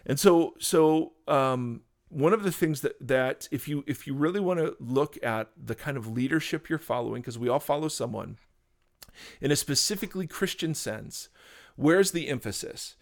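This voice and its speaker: A man's voice: a little high, normal speed, gravelly. Earnest preachy man talking faith. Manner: earnest, preachy, animated with restarts. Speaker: podcast co-host, pastor. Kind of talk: casual conversational teaching.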